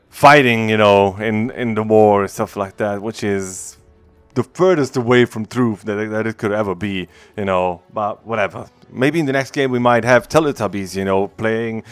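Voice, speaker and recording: Male gaming host, low-pitched, dry and close, rambling, swearing rant. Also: smooth, no echo. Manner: profane, heated, rambling. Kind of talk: casual ranting commentary.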